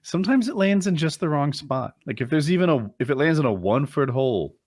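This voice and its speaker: A man's voice: fairly high pitch, big pitch swings, fast talker, a little mellow, no room sound, clean studio sound. A man chatting on a podcast, explaining things in a conversational way with restarts. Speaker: podcast co-host. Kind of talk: casual podcast chat.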